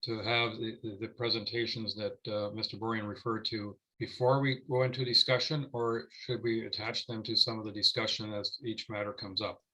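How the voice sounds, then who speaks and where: A man's voice: fairly low pitch, flat delivery, moderate pace, hardly any pauses, pushed and bright, low-quality recording. A man chairing a town council meeting as mayor, often stumbling and repeating his words as he restarts.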